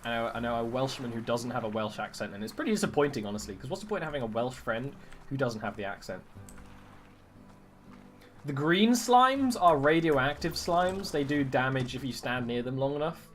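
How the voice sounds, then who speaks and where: Game streamer, mid pitch, lively swooping delivery, casual commentary, quiet game music behind. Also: brisk. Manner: chatty, animated, jokes about doing accents. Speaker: streamer playing a video game.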